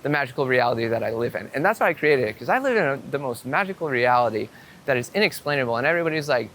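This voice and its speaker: A man telling a story to camera outdoors in a casual, excitable way, swearing and acting out what people said. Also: medium pitch, very fast, a little hiss or hum. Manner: excitable, swearing storyteller with many "I'm like" quotes. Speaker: vlogger. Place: outdoors on a city street.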